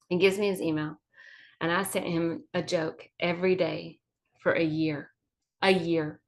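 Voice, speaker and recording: A woman's voice: on the low side, fairly even intonation. A woman from Georgia with a Southern accent, a comedian telling a chatty, profane story over drinks. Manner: chatty, profane, quick anecdotes. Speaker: comedian guest.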